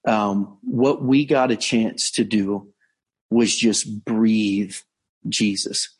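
A man, a pastor, telling a story in a conversational sermon, earnest, slowing down to stress key points. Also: lowish voice, fairly even intonation, slightly rough. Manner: earnest storytelling, frequent restarts and slowed emphasis. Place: on location abroad.

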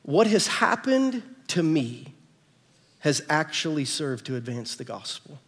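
A middle-aged man with an American accent, preaching a sermon and telling family stories in an animated way, acting out the dialogue. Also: on the high side, measured pace, husky. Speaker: pastor. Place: church sanctuary. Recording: reverberant church hall.

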